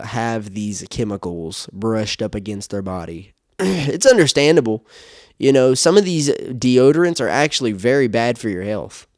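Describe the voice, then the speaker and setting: A man's voice: mid-range voice, darkish tone, dry recording, studio quality. A man hosting a solo podcast, talking casually, often laughing and swearing as he rambles. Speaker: podcast host.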